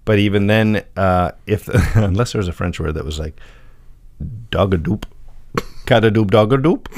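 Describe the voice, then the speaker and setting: A man with a low voice co-hosts a casual podcast. He works through his notes in an easy, chatty way and laughs often. The sound is dry and close to the mic. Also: normal speed, darkish tone, no echo. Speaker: podcast co-host.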